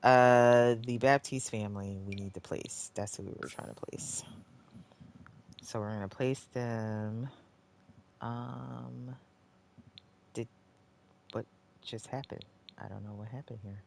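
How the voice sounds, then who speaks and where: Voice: mid-range voice, steady tone, a little slow, creaky, pauses often, a little hiss or hum. A live streamer giving gameplay commentary, talking to themself, swearing often, and sighing between lines. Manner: talks to self, swears often when frustrated; groans and sighs, swings between muttering and exclaiming.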